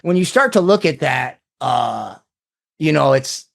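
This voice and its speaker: A man talking as an interview guest in loose casual conversation, rambling with many restarts and fillers and breaking into animated asides. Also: medium pitch, unhurried, vocal fry.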